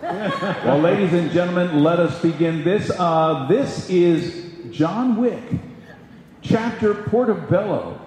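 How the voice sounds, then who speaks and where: A man's voice: high-pitched, lively intonation, a little mellow. A man moderating a panel, reading stage directions aloud in a theatrical way. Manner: slow, theatrical announcing. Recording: echoey hall, background noise.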